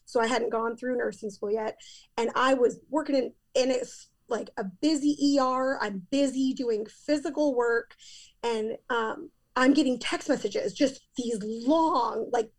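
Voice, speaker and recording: A woman's voice: fairly high pitch, unhurried. A woman in her thirties, a podcast guest, telling a painful personal story in a candid, emphatic way.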